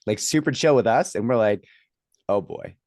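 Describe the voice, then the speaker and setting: A man's voice: mid-range voice, fairly quick, darkish tone, dry recording, studio quality. A man hosting a casual chat, rambling with many fillers and restarts. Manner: acts out others' lines when telling a story.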